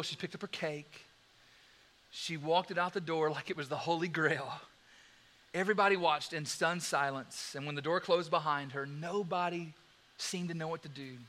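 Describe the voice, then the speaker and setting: A preacher tells a sermon story with animated, dramatic delivery. His voice is high for a man, bright and forward, and he switches quickly between loud and quiet passages.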